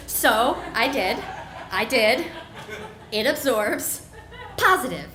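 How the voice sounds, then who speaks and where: A woman's voice: on the high side, animated, slow. A woman in her thirties telling a personal story live on stage, acting out her own self-mocking inner voice. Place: bar with live audience. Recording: echoey room, faint ambience.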